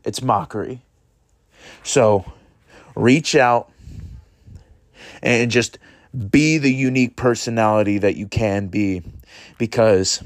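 In a mid-range, darkish voice, a podcast host rambles earnestly through a casual motivational monologue on his own show. He swears freely while pushing his listeners toward kindness.

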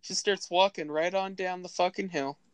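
A man's voice: high-pitched, steady tone, normal speed, clean tone, no room sound. A man co-hosting a podcast, telling stories in crude, profane casual chat, laughing often and acting out what other people said. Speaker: podcast co-host.

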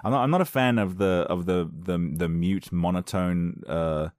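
A man with a very deep voice reads odd news stories aloud and reacts to them. His talk is sarcastic and wanders into rambling asides. The recording is dry and close, with no room sound. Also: normal speed, a little mellow, no room sound. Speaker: video host. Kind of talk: reading and reacting to weird news.

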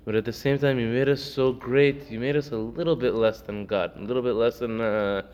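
In a dull, lo-fi recording with faint noise, a man leads a casual Torah class. His mid-range voice is steady, brisk, and a bit dark in tone, and he tells stories full of fillers while acting out the characters.

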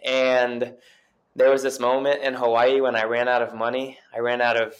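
A man's voice: medium pitch, flat delivery, normal speed, highs cut off. A young adult man telling his story as an interview guest, in an earnest, rambling way full of fillers and restarts. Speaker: guest chiropractor and coach.

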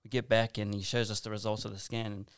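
A man's voice: lowish voice, flat delivery, quick pace, clear, resonant tone, no echo. A man telling a personal story in casual conversation, rambling and earnest with lots of asides and restarts.

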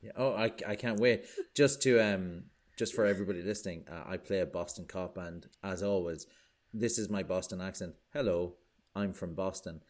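A man's voice: low-pitched, a little fast. A man chatting casually on a podcast, joking and self-deprecating. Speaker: podcast guest. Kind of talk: casual chat.

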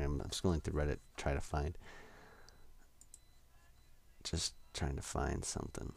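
A man's voice: rumbling low, creaky, a little mellow. A young man hosting a solo podcast, rambling and self-deprecating with lots of hesitations. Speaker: podcast host.

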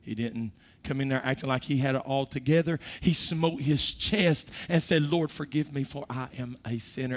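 Man, middle-aged pastor, sermon delivery, rises from hushed to loud. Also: medium pitch. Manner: preaching with swells from soft to loud.

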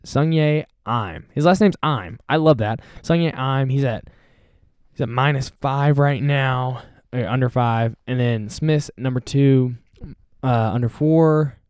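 A man's voice: medium pitch, measured pace, a little mellow, smooth, no room sound, studio quality. A young man hosting a casual solo podcast, rambling and self-deprecating as he chats. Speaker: podcast host.

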